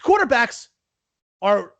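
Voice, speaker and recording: High, animated man on a sports podcast. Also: takes it slowly, vocal fry, no room sound. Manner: lively, animated, rhetorical questions. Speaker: podcast co-host. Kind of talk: casual sports betting podcast chat.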